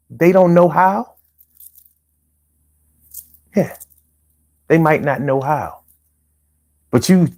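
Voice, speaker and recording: A man hosting a late-night call-in show, riffing in a loud, profane, mocking way. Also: fairly high pitch.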